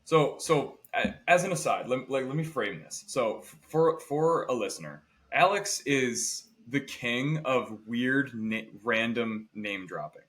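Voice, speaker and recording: Male podcast co-host, casual and animated, mimics people mid-story. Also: mid-range voice, measured pace, hardly any pauses. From Indiana. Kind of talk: casual chat.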